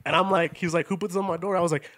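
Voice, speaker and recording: A young man hosting a podcast, telling profane stories in a casual, animated way and often laughing as he talks. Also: high-pitched, very fast. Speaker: podcast host. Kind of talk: casual storytelling.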